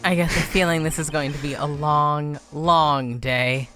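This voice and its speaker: A woman's voice: low-pitched, fairly even intonation, a little slow, bright, forceful tone, soft background music, pitched below the performer's own voice. A woman voicing an earnest young male defense lawyer in a fan dub of a courtroom game.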